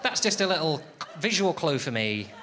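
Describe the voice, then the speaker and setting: A man's voice: fairly high pitch, sing-song, normal speed, background noise. A man performing a stand-up comedy routine, slipping into an exaggerated sing-song voice when he mimics how he talks to his housemates. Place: comedy venue with a laughing audience. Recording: live comedy club recording with loud audience laughter. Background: loud audience laughter.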